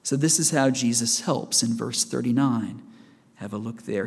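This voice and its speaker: A man's voice: medium pitch, normal speed, gravelly, husky. A man preaching a sermon in a church, conversational and asking the congregation questions as he goes. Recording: reverberant church hall.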